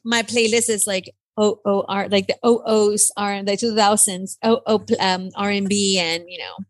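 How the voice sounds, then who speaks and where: A woman in her thirties co-hosting a podcast, teasing and animated in casual chat, mixing in Spanish phrases. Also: mid-range voice, normal speed, no room sound. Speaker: podcast co-host.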